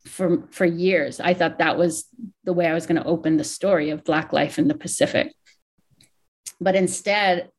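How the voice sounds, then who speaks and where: A woman in her forties from Hawaii, an author talking candidly and with emotion in an interview, thinking aloud as she goes. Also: fairly low pitch. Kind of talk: interview, reflective talk.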